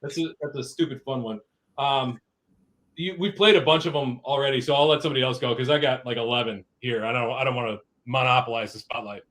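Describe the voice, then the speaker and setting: A man's voice: medium pitch, fast talker, a bit bright. A man talking about favorite movie moments on a podcast, hesitant with many fillers. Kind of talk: casual movie chat.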